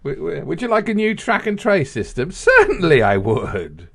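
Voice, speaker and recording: A man co-hosting a podcast in loose, animated, sweary chat that rambles from point to point. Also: on the high side, moderate pace, gravelly. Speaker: podcast co-host. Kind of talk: casual banter podcast.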